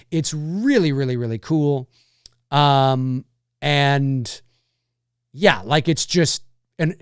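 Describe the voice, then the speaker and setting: A man's voice: on the high side, clean tone, no room sound, clean studio sound. A man hosting a casual livestream, chatting in a meandering way and thinking aloud as he answers viewers. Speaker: livestream host answering chat.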